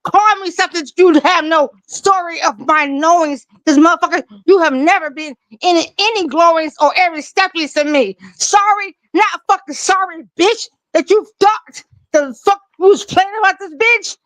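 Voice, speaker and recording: Fiery high-voiced woman ranting. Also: normal speed, fairly bright tone, no room sound, rough recording. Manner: fiery, ranting, repetitive, laughing often. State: tipsy from drinking. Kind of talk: loose profane live-stream chat.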